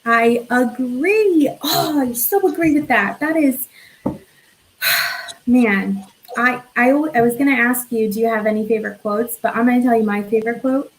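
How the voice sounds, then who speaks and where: A woman's voice: on the high side, a little slow, low-quality recording. A young woman hosting a casual chat show, effusive and bubbly, talking over a video call from home. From New York. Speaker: podcast host.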